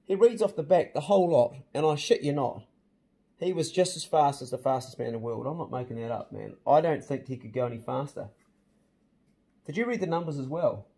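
An excitable middle-aged man with a New Zealand accent chats casually to camera, swearing freely and calling people "man" and "bro." His voice is husky and mellow, sitting a little high for a man. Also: fairly quick. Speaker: channel host. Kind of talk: casual vlog chat.

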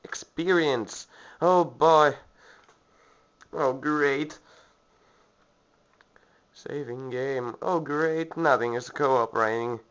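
Slow-talking man joking over a game. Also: mid-range voice, a bit bright, clear, resonant tone. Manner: mock-posh put-on British voice at times, sarcastic. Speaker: let's play gamer. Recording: lo-fi sound with game music.

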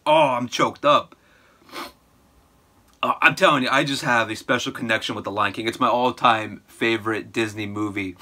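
Bright, excitable male reaction host. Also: medium pitch. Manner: excitable and emotional, keeps calling viewers "my boys". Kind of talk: excited reaction video chat.

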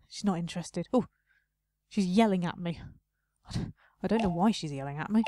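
A woman's voice: on the low side, normal speed, noisy background. A young woman casually commenting on her own gameplay, chatty and self-mocking, talking to herself as she plays. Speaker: let's play host.

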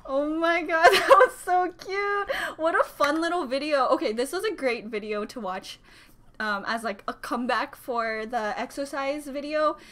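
A woman reacting to a music video, with excitable, gushing exclamations and a little out of breath. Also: high-pitched, moderate pace. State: slightly out of breath. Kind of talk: casual reaction commentary. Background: music video playing.

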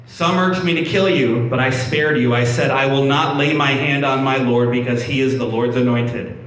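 Male pastor, sermon, mid-pitched voice, echoey distant recording. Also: fairly even intonation, normal speed, a bit bright. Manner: conversational preaching with frequent restarts and repeated words. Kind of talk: sermon reading and explaining scripture. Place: church hall. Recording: echoey room, mic at a distance, faint background hum.

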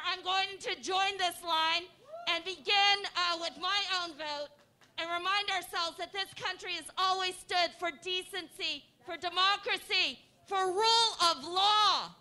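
A woman introduces speakers at an outdoor rally with upbeat, rousing energy. Her voice is very high and intensely bright, cutting through the open air. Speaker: rally speaker, former parent organizer. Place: outdoors at a voting line.

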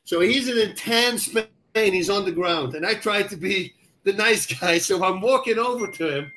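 A man co-hosting a podcast, telling a fight story with excitement and acted-out sounds. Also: sits high, moderate pace, a little hiss or hum. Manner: excitable, acts out sounds and shouts in his story. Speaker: co-host. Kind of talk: animated storytelling.

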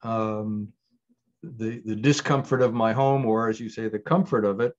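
A man's voice: on the low side, steady tone, normal speed, muffled recording. An older man, a writer-director, answering interview questions in a thoughtful, digressive way with frequent restarts.

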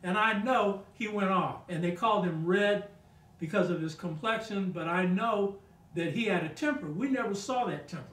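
A man's voice: high voice, moderate pace, a bit bright, roomy sound, distant mic, poor audio. An older man on a talk show telling family stories in a casual, emphatic way, often asking "you know what I mean?". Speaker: guest speaker on a talk show. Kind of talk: casual storytelling conversation.

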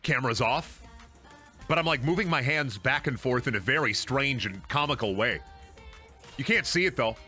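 A man with a medium-pitched, bright, forceful voice streams a video game at a moderate pace, faint music behind him. His casual commentary is animated and full of crude jokes, and he talks to his chat and breaks into silly voices.

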